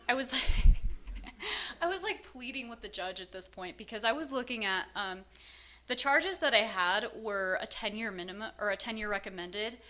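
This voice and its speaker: A woman tells her own story candidly, frank and self-mocking, with plenty of filler words. Her voice sits at medium pitch with a sharp tone.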